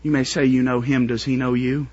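A man preaching a sermon to his congregation, building up to shouted, strained pleading climaxes. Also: medium pitch, level tone, a little fast, slightly rough, dull audio.

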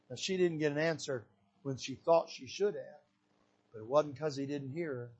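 An older man from Michigan preaching a sermon from a church pulpit, swinging between shouted exhortation and hushed, soft emphasis. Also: on the high side, normal speed, dull audio. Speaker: pastor.

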